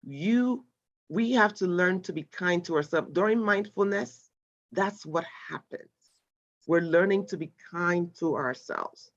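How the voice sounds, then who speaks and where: Woman running a mindfulness class on a video call, hypes people up, reads their chat out loud, kinda muffled lo-fi sound. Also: mid-range voice, a little slow. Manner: encouraging, reads audience replies aloud with lively exclamations. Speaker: mindfulness instructor. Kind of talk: live online class. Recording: dull lo-fi video call audio.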